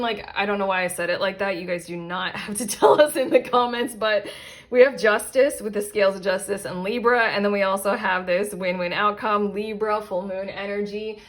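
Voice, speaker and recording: A woman's voice: mid-range voice, fairly even intonation, normal speed. A woman giving a casual pick-a-card tarot reading to her viewers, rambling with fillers and stopping to correct herself. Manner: rambling, self-interrupting, frequent fillers and asides. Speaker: tarot reader.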